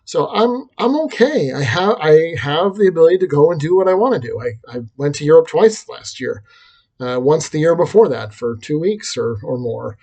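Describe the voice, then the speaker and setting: Rambling self-deprecating man, slightly high voice. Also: expressive, moderate pace, mellow. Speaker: vlogger and teacher. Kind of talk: reflective personal vlog monologue.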